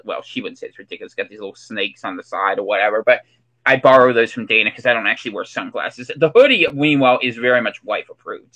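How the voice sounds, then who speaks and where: A man's voice: medium pitch, sharp tone, lo-fi sound. Chatty man hosting his show. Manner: chatty and rambling, with fillers and restarts. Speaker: host. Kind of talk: casual show monologue.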